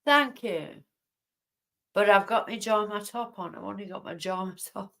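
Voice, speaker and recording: In a mid-range voice at normal speed, a woman chats to her livestream audience late at night from home, calling out viewers by name. Her rambling, indignant talk carries vocal fry and a pushed, bright quality.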